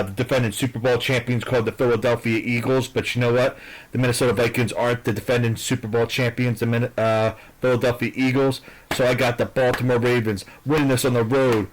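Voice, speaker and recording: A man at an ordinary pitch rambles through his football picks. He stops and restarts often and leans on fillers. He is blunt and swears freely. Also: low-quality recording. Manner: hesitant, with many fillers and restarts; blunt and profane. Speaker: vlogger giving football picks. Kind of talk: casual rambling sports predictions.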